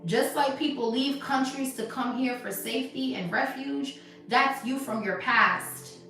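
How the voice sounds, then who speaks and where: High-pitched and a little slow, a tarot reader chats in a casual, slangy way during a live reading, talking emphatically and with animation before sometimes sinking into a soft hush. She's recorded far from the mic in an echoey room over background music.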